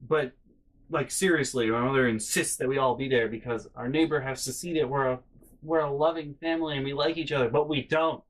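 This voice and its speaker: A young man telling family stories in a casual vlog, animated and profane, with frequent exasperation. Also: mid-range voice, brisk, poor audio. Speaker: vlogger.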